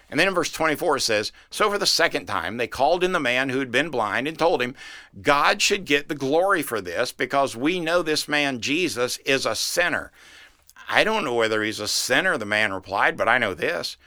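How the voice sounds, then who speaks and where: A man's voice: medium pitch, sharp tone, dry recording, clean studio sound. A man, a pastor, giving a short podcast sermon, reading scripture and breaking into folksy, slangy asides.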